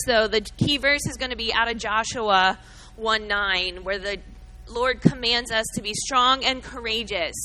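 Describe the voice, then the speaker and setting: Middle-aged woman preaching, earnest and emotional, kinda high voice, talks to folks in the room by name. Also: bright, forceful tone, poor audio. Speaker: speaker at a church gathering. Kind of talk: emotional sermon-style testimony and Bible teaching.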